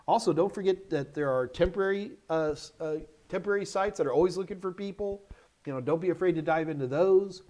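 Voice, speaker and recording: Emphatic middle-aged man giving career advice. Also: on the high side. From United States. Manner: energetic, emphatic, repeats short commands. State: yawny, tired. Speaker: host answering viewer questions.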